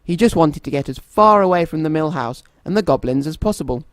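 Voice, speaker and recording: A man reading a children's story aloud in a gentle, expressive storytelling manner. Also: fairly high pitch, a little fast, dry recording.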